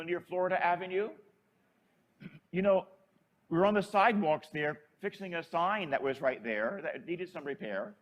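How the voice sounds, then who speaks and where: An older man and priest telling a chatty, animated story in a sermon. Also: on the high side, highs cut off.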